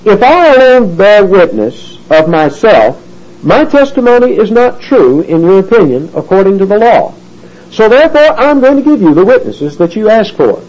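A man's voice: sits high, very animated, moderate pace, darkish tone. A man teaching a Bible study, emphatic when he reads scripture, with folksy asides to his listeners. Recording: dull lo-fi recording.

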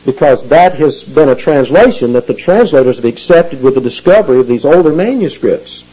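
A man preaching an expository sermon, explaining Bible words with animated emphasis and teacherly asides. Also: a little high, a little fast, lo-fi sound. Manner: animated teaching, rising emphasis on key phrases. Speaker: pastor.

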